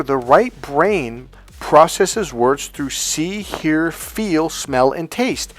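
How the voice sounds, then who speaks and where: A man giving a blunt, profane coaching monologue on dating, emphatic and acting out quoted lines. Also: fairly high pitch.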